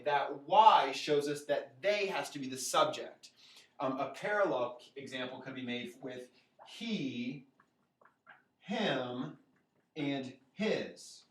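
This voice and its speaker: A man's voice: mid-range voice, animated, slow. Chatty male teacher in an echoey room. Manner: chatty and informal, with many fillers and asides to the viewer. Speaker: Latin teacher. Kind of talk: casual whiteboard lesson. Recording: echoey room, far from the mic.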